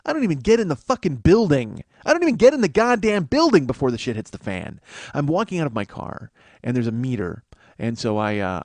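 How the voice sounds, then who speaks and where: A comedy podcast host tells a long, rambling story, profane and self-mocking. His voice sits on the high side, with no room sound in the recording.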